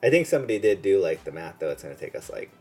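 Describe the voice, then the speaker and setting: A laid-back man with a low voice co-hosts an anime podcast. His voice swings widely in pitch as he agrees along and chats. Faint music plays in the background. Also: very animated, rapid-fire. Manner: laid-back, agreeable, says "yeah" and "dude" a lot. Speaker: podcast co-host. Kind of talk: casual chat.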